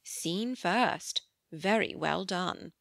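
Casting: a woman as an idle, sardonic young gent, low and lazy, crisp studio read. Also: expressive, normal speed, sharp tone, no room sound. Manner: languid and sarcastic, slightly lowered. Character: young gentleman, cool, indolent and sarcastic. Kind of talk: audiobook character voice.

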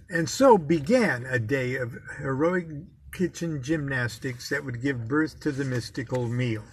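A man's voice: a little high, a bit bright, husky. A man reading aloud from his own memoir, telling the story in a wry, self-mocking way.

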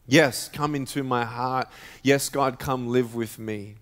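A man voicing a kind, gentle savior figure who speaks softly and reassuringly, in a story told during a sermon. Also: mid-range voice, fairly even intonation, slow pace, lightly acted. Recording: reverberant church hall.

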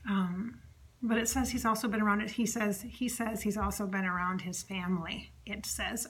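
A woman medium talking alone, chatty, relaying an unseen spirit's words and often dropping to a soft whisper. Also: medium pitch, fairly even intonation, normal speed. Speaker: psychic medium. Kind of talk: solo channeling monologue.

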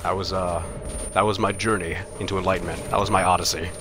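Young male streamer, low voice, rambling and self-deprecating; noise under the recording. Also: little pitch movement. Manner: rambling, self-mocking, halting. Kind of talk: live game commentary.

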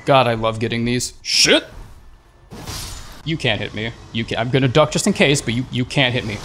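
A man's voice: mid-range voice, quick pace, fairly bright tone, soft background music. A young man giving casual, profane commentary over a game, talking back at enemies with sarcasm and stammered restarts. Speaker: gaming YouTuber.

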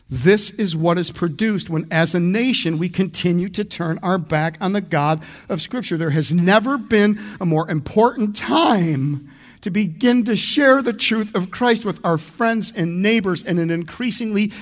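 Male pastor with a slightly raised voice, conversational but punchy verse-by-verse preaching. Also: high voice. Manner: emphatic, conversational, addresses the congregation directly. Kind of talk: expository sermon.

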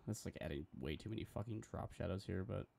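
A man's voice: low voice, fast, vocal fry, warm tone. A young man streaming live as he designs graphics, talking to himself in a casual, profane way and getting easily frustrated.

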